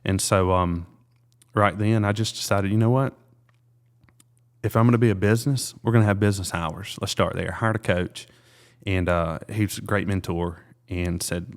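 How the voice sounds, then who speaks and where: A man in his thirties, a realtor being interviewed, telling a personal story in an earnest, halting way with many fillers and restarts. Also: low-pitched, steady tone. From South Carolina.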